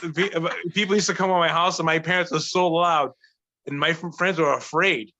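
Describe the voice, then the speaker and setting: A man in his forties from Providence, a guest telling stories in an eager, animated casual chat. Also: a little high, a little fast, a little hiss or hum. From Providence, Rhode Island. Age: 40s. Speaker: guest actor and writer.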